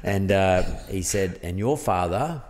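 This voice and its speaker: A man's voice: low-pitched, lively intonation, unhurried, darkish tone, long reverb tail, a little hiss or hum. An Australian man, a podcast guest, telling a story in a rambling, casual way full of fillers. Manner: rambling, peppered with "blah, blah, blah" and fillers.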